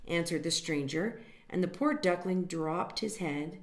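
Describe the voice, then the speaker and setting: A woman reading a picture book aloud to children, gently stopping to explain words and point at the pictures. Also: on the low side, expressive, normal speed, few pauses. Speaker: storytime reader. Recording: echoey room.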